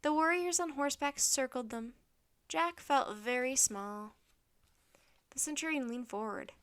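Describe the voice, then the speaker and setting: Brief: storybook narrator, woman, high and bright, steady delivery. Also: a little slow, clean tone. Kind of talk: children's book read-aloud.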